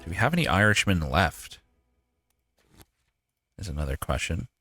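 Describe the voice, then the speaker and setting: A man's voice: deep voice, sing-song, normal speed, bright, forceful tone, faint music behind. A man streaming a game live, thinking aloud with casual swearing and frequent laughs. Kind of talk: live gameplay commentary.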